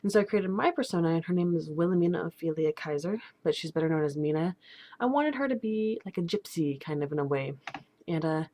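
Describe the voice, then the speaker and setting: Low-voiced rambling young woman vlogging. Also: lively intonation, fast, warm tone. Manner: chatty, rambling, many fillers and restarts. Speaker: steampunk vlogger. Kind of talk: casual rambling vlog.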